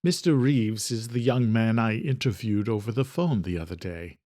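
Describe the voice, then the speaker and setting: Man doing a courteous boss, gentle and reassuring, audio drama voice. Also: on the low side, normal speed, natural voice. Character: calm, courteous male employer reassuring staff.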